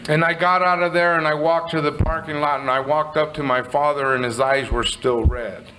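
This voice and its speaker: A middle-aged man from Southern California, sharing his recovery story in a candid, animated way and swearing casually. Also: fairly high pitch, moderate pace, background noise. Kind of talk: personal storytelling speech.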